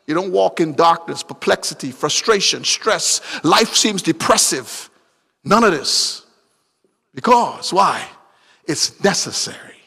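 A man preaching a sermon, swinging between loud emphatic bursts and hushed asides. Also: a little high, expressive, measured pace, vocal fry, husky, in a large hall.

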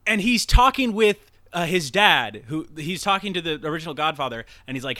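Animated man rambling through a film recap. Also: a little high, moderate pace, no echo. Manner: rambling, animated retelling with acted-out quotes and swearing. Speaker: podcast co-host. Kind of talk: casual film recap chat.

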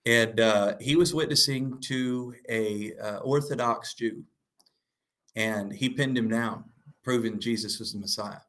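A man hosting a religious discussion show, telling stories and asking questions in a relaxed way with plenty of fillers. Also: mid-range voice, measured pace.

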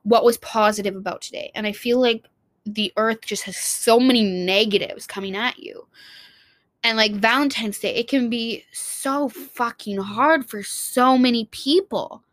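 A woman's voice: on the high side, measured pace, fairly bright tone, dry recording. A young woman vlogging in a casual, heartfelt monologue, rambling and restarting her sentences and swearing casually.

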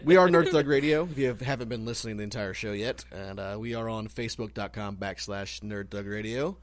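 A man's voice: on the low side, brisk. A man hosting a casual radio show, joking loosely and leading the segments.

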